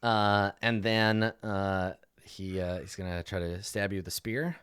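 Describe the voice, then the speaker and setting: A man narrating as game master in a tabletop game, animated and laughing, with frequent fillers. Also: sits low, a little slow, clear, resonant tone.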